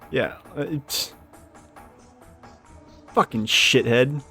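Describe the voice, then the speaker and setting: A man talks through a game in a casual, unhurried way, his voice carrying a gravelly edge. He swears freely and is quick to rant at the characters on screen. Faint game music sits behind him. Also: medium pitch, lively intonation. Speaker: let's play gamer. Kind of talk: casual gameplay commentary. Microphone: desk microphone.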